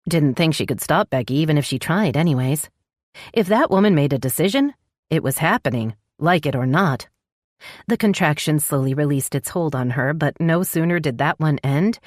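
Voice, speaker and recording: Low-voiced woman narrating an audiobook. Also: a little mellow, dry recording, studio quality.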